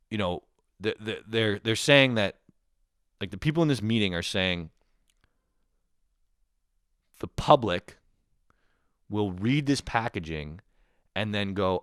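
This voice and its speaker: A man around thirty rants profanely and in exasperation about small daily annoyances. His low voice swoops wildly up and down as he acts out the people he imagines. The recording is close and dry, with no room sound. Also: lively intonation, measured pace, pauses often, a bit bright, dry recording. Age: 30s. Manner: profane, exasperated ranting with acted-out quotes. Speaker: podcast host. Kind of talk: comedic rant.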